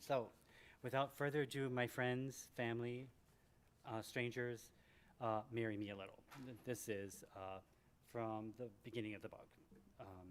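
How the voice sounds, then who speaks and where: A man in his sixties from Michigan, reading from his memoir to a live audience in a library event room, animated and joking. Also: moderate pace, slight background noise. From Michigan, USA. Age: 60s. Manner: animated and joking, with big swings in pitch and loudness. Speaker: author at a book event.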